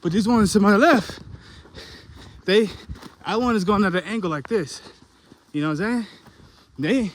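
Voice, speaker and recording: A man's voice: sits high, normal speed. A young man talking casually to the camera on an outdoor hunting hike, out of breath and rambling in slang. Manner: rambling, slangy, talks to camera while hiking. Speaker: hunting vlogger.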